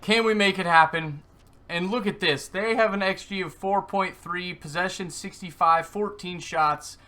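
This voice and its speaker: High, bright excitable gaming commentator man. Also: moderate pace. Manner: excitable, screams at goals, then deflated and muttering. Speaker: gaming YouTuber. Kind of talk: live gameplay commentary.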